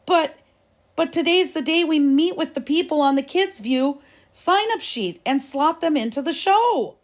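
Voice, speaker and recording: A woman's voice: medium pitch, big pitch swings, moderate pace, gravelly. Woman voicing a stubborn, indignant schoolboy. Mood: pleading. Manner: indignant, argumentative. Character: boastful scheming schoolboy, stubborn and dramatic. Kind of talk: storybook reading.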